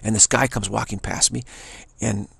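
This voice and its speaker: A man giving a rambling spiritual talk, digressive and halting, restarting his sentences often. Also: lowish voice, steady tone, vocal fry, a bit bright, breathy edge, no room sound. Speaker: spiritual teacher. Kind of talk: rambling spoken monologue.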